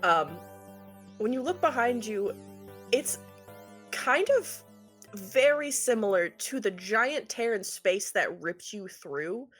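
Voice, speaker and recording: A woman narrating as game master of a tabletop game, in a mid-pitched, everyday voice. Her narration is loose and casual, peppered with ums and swearing. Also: animated, slow, fairly bright tone, husky, soft background music.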